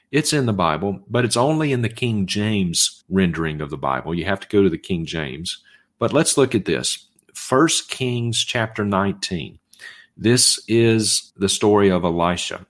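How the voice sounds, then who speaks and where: A man giving an expository sermon, reading scripture aloud and arguing each point with emphasis. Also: fairly low pitch. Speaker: Bible teacher.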